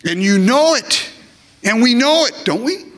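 A man's voice: very high-pitched, lively intonation, a little slow, fairly bright tone. A man preaching a sermon, emphatic and repeating phrases, now and then acting out short comic voices. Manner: acts out short comic voices of worshippers and God. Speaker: pastor.

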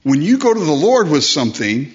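Speaking fairly quickly with big swings in pitch, this pastor has a slightly high voice. His sermon is conversational, full of rhetorical questions and acted-out voices of the people he quotes, recorded in dull lo-fi quality.

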